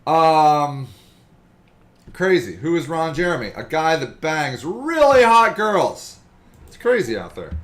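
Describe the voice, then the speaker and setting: Excitable man with a lively, high voice. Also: slow. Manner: loud, excitable, mocking, jumps into silly voices. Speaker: podcast host. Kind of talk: comedic podcast chat reading a web article aloud.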